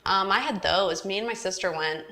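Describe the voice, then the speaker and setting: A woman's voice: mid-range voice, normal speed, bright, forceful tone. A young woman co-hosting a casual chat show, talking freely with lots of fillers and giggles. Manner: chatty, many fillers, giggly. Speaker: co-host.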